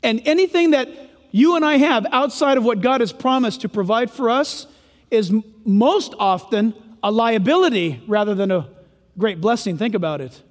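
A man preaching a sermon as pastor, animated and humorous, with playful asides between scripture readings. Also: very high voice. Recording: long echo of a large hall.

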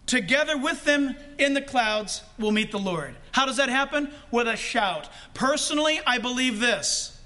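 A male pastor preaching a sermon with animated delivery, shouting the quotes he acts out and laughing often. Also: extremely high pitch, normal speed, few pauses.

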